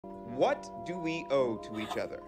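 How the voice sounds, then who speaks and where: An actor playing an earnest philosophy lecturer. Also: male voice, medium pitch, lively intonation, measured pace, close to an everyday voice. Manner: earnest, explanatory. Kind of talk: lecture in a TV sitcom. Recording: music behind the voice.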